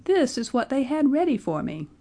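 A woman's voice: mid-range voice, very animated, normal speed, darkish tone, pitched above the performer's own voice. A woman voicing a querulous, complaining old man who has just been born, whining and quavering as he speaks. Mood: petulant. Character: querulous old man, newborn, whiny and demanding.

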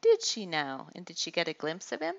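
A woman voicing a gentle, affectionate middle-aged father who is a priest. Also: fairly low pitch, wildly swooping pitch, fairly quick, creaky, highs cut off, exaggerated voice. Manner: warm, affectionate.

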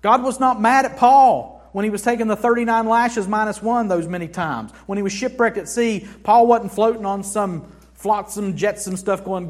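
A male pastor delivers a sermon in church at a moderate pace, his voice sitting high. He moves back and forth between hushed passages and forceful, emphatic declarations.

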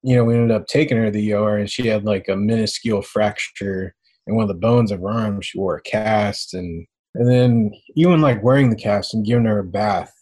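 A young man, a father, telling stories in a relaxed way with lots of fillers during an interview. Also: lowish voice, fairly quick. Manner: relaxed, filler-heavy storytelling. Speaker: parent of an autistic child. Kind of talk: interview conversation.

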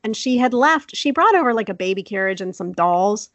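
A young woman casually telling a childhood story on a podcast, animated and laughing often. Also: medium pitch, fairly quick, dry recording, dull audio. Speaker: podcast co-host.

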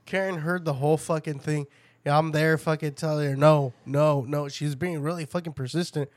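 Man, casual storytelling, swears a lot, laughs often, slightly high voice, dry close mic. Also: fairly even intonation, fairly quick, no room sound. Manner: crude, laughing storyteller who acts out quotes. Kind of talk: casual chat.

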